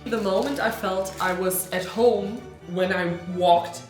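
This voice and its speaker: A young woman from Germany, a native German speaker, chatting casually in English and acting out quotes with lively energy. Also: medium pitch, a little slow, soft background music. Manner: animated, acts out quotes, laughs often. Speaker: co-host. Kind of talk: casual chat. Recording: echoey room.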